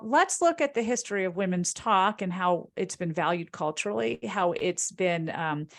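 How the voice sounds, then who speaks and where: A woman linguist and author with a lowish voice answers audience questions. She explains things in a lecture-like way, her voice rising animatedly when she stresses a point.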